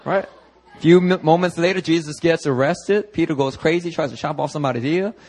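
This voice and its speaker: Guy preaching a lively sermon at church, kinda high voice, acts out the bible characters, talks right to the crowd. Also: fast talker, poor audio. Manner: animated, acts out voices of biblical figures, talks to the congregation. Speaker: pastor. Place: church service.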